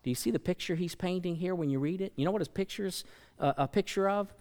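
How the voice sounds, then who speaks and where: A man preaching a sermon as pastor, building to loud emphatic peaks and acting out quoted voices. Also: high voice, fast talker. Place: large church sanctuary. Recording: long church hall reverb.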